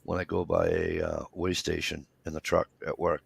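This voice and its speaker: Brief: fifties man, low gravelly voice, loose rambling storyteller, swears a lot. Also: big pitch swings, normal speed, no echo. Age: 50s. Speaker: podcast co-host. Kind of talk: casual chat.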